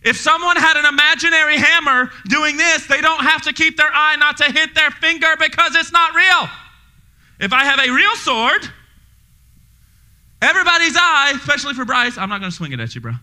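A male pastor preaching a sermon to his congregation in a church, energetic and joking, speaking directly to the people in the room. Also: extremely high pitch, normal speed. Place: church sanctuary before a congregation.

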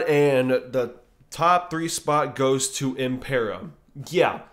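Slow-talking, profane male music reviewer. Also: mid-range voice, fairly bright tone. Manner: profane, enthusiastic, rambling with many fillers. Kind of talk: casual spoken album ranking.

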